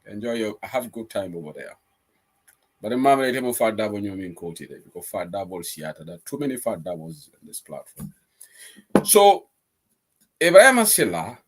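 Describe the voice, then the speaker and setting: A man's voice: low voice, slightly rough. A man with a Gambian accent hosting an online current affairs show, reading out viewer comments and arguing his points. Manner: animated, reads out viewer comments and argues points. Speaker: host.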